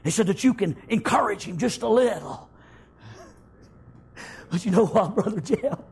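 A man preaching a testimony with fervent, folksy storytelling. His voice sits very high for a man and has a husky edge. He punctuates nearly every thought with "amen" and swells into shouted praise. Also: expressive, moderate pace. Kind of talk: testimony sermon.

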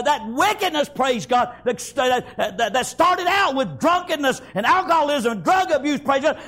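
A man preaching a fiery sermon, shouting in bursts and repeating "praise God" and "amen". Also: very high-pitched.

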